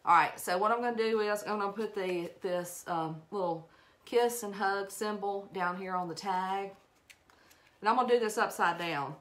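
With a mid-range, fairly bright voice at a moderate pace, a middle-aged woman hosts a craft live-stream in her Alabama Southern accent. She rambles casually while showing viewers a project, greeting them and laughing at herself.

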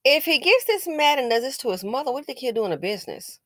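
A woman talks through a news story in a casual, indignant way, scolding and tossing out sarcastic exclamations. Her pitch swings widely from low mutters to high whoops. The recording is dry, with no room sound. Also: very animated, quick pace, a bit bright, no echo. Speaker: commentator.

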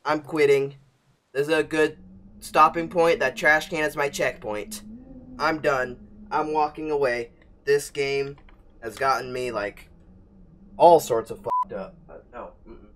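A man commentating his own gameplay, cursing loudly in bursts and dropping to anxious muttering in between. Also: a little high, noisy background. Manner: profane, swings from explosive yelling to anxious muttering. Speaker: gaming channel host.

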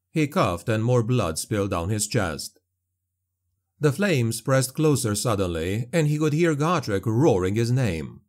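A man narrating a dark fantasy audiobook in a steady, dramatic storytelling manner. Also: mid-range voice, unhurried.

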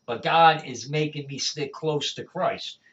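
Man with a higher voice giving an animated faith testimony; sounds far off the mic, dull and lo-fi. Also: unhurried. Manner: animated storyteller, repeats "all right?". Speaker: evangelist guest. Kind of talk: conversational testimony.

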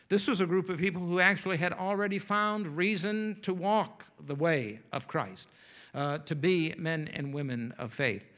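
Folksy preacher telling a tale. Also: male voice, sits high, fairly bright tone. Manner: folksy, humorous storytelling with playful asides. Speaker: pastor. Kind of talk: storytelling sermon.

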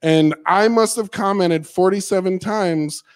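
A man's voice: sits high, unhurried. A young man doing a rambling, self-deprecating stand-up set in a comedy studio, sounding a bit tipsy. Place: comedy studio with live audience.

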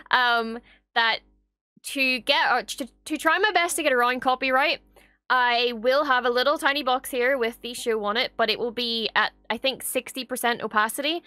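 A young Irish woman hosting a reaction video, chatting casually and gushing excitedly with frequent swearing. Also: on the high side, clear, resonant tone, no room sound.

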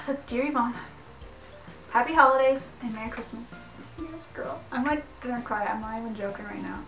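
A young woman with a fairly high voice gushes and giggles as she opens a package, leaning on "like" in nearly every sentence. She sounds a little away from the mic in an echoey room, with faint music underneath. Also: moderate pace, gravelly, far from the mic. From Canada. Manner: excitable and giggly, heavy use of "like". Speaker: vlogger. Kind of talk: casual unboxing vlog.

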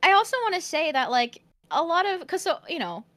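A young woman chatting casually on a stream, earnest and expressive, laughing easily. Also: very high-pitched, a little fast. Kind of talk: casual chat.

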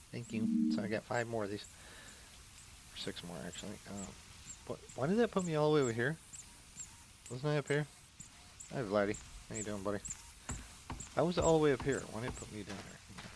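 A man's voice: mid-range voice, a little fast, pauses often, slight background noise, low-quality recording. A man doing casual let's-play commentary, joking, rambling and reading in-game notes aloud. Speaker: gameplay commentator.

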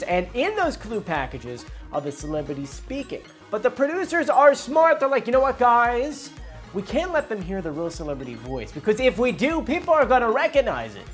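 A woman hosting her channel, explaining in a casual, enthusiastic, chatty way. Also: medium pitch. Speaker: channel host.

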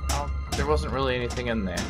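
A man's voice: medium pitch, quick pace. A man commenting on a horror game he is playing, frustrated and sarcastic and swearing often. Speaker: gaming video host. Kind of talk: let's play commentary. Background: game music.

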